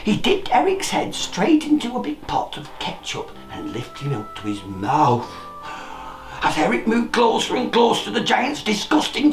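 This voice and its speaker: A storyteller reading a children's picture book aloud, playful and expressive, with sound effects. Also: medium pitch, moderate pace. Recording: roomy echo, faint music.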